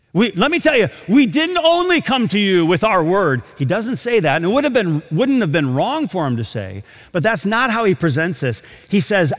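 A man preaching a sermon in a big auditorium, with his voice sitting a little high for a man and swinging widely in pitch. He slows down for emphatic scripture readings, then rushes through quick asides. A long reverb trails behind every phrase. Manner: expressive preaching with dramatic slowdowns and emphatic scripture quotes. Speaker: pastor. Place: large auditorium.

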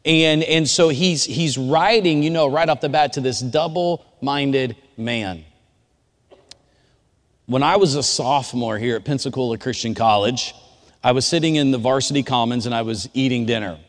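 A man giving a relaxed, conversational sermon. He tells personal stories and talks directly to his audience. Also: medium pitch, moderate pace. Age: adult. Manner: informal, storytelling, speaks directly to the audience. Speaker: chapel speaker. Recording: long hall reverb.

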